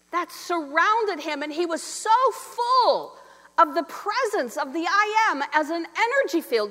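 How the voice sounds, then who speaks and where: A woman gives an inspirational talk with a high, bright voice that swoops widely as she tells her stories. She talks in an animated way, laughing and acting out what each person said. Her voice rings out with a long reverb, as in a large hall. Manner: animated, laughing, acts out quotes. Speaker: speaker.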